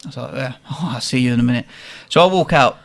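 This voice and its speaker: A young man, animated and swearing as he tells a funny story in casual chat. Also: mid-range voice, fast, gravelly. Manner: animated, swearing, laughing at his own story. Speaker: guest telling a story.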